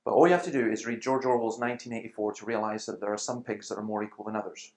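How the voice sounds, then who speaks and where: A man's voice: fairly low pitch, racing. A man, speaking as a Christian speaker in a conversational talk, telling stories and acting out the voices of people he quotes. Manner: animated storyteller, acts out quoted voices.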